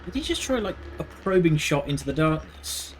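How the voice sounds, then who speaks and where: A man's voice: on the high side, very animated, moderate pace, faint music behind. A man giving casual let's-play commentary, joking and sarcastic, swearing freely. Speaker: gaming video host.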